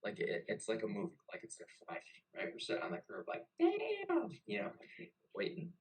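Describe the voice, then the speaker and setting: A young navy veteran tells a story loosely and casually. His voice sits on the low side, and he swears freely and keeps things animated. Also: fast talker, low-quality recording. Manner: profane and animated. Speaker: podcast host and navy veteran.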